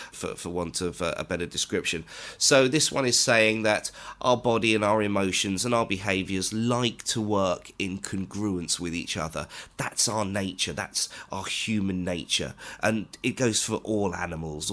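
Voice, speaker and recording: Brief: male corporate trainer, low voice, animated delivery, guides a remote class through exercises. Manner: animated, instructive, pitch jumps up for emphasis. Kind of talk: online training lecture with demonstration.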